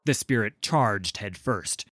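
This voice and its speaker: A man reading a fantasy story aloud in a measured, deliberate way. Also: fairly low pitch, lively intonation, a bit bright, no echo, clean studio sound. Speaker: narrator. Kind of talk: scripted fantasy narration.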